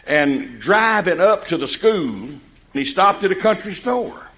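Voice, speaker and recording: A man's voice: sits high, big pitch swings, a little slow, a bit bright, big-room sound. An older man with a Mississippi Southern accent telling comic country stories in a folksy drawl, acting out the people in them. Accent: Southern American, Mississippi. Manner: folksy drawl, acts out characters in the tales. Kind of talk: stand-up storytelling.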